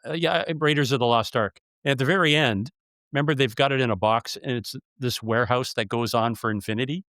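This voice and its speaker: A man's voice: mid-range voice, fairly quick, fairly bright tone, no room sound, studio quality. A man hosting a casual interview, telling stories with emphasis. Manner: storytelling, emphatic. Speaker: podcast host.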